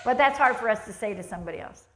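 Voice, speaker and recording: A woman's voice: on the high side, lively intonation, rapid-fire, a little hiss or hum. Emphatic woman preaching in an echoey church. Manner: emphatic, acts out quoted voices. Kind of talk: sermon.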